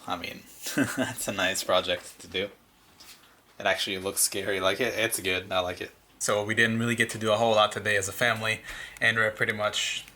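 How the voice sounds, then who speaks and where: A man narrating a relaxed family home vlog in a low-key way. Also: a little hiss or hum. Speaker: vlogger father.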